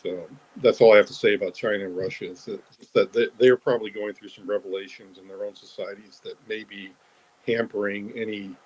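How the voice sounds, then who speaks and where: A man with a low, husky voice talks through his answers slowly and with many ums. He stops and restarts often as he thinks aloud. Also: fairly even intonation, a little mellow, low-quality recording. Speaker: whistleblower guest. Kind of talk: casual talk in a live audio chat room.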